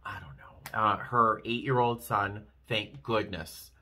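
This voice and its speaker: Middle-aged male vlogger, lowish voice with a bright edge, rambling and emotional, talking straight to camera. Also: takes it slowly. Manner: rambling, emotional, self-deprecating. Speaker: flight attendant vlogger. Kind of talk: casual vlog talk to camera.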